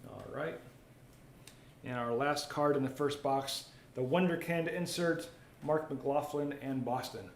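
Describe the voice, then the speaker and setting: A man with a medium-pitched voice hosts a live card break, chatting in an unhurried, casual way as he opens packs and reads viewer comments aloud. The recording has a roomy echo and faint ambient noise.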